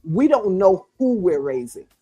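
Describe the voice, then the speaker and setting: A woman's voice: mid-range voice, very animated, unhurried, dark tone, husky, no room sound. An older woman guest speaking with fervent, sermon-like cadence, encouraging mothers. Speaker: guest co-author. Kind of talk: preaching-style encouragement.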